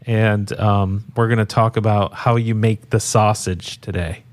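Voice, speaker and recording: A man's voice: lowish voice, fairly even intonation, a little slow. A man co-hosting a podcast, talking in a laid-back, rambling way with many restarts. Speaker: podcast co-host. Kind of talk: casual chat.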